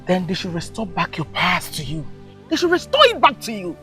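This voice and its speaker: A woman's voice: fairly low pitch, huge pitch swings, fairly quick, pushed and bright, faint music behind, heavily acted. An actress playing a fierce, emotional village mother who pleads and scolds, in a film drama. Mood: distraught. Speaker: mother of the healer. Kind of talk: Nollywood film acting.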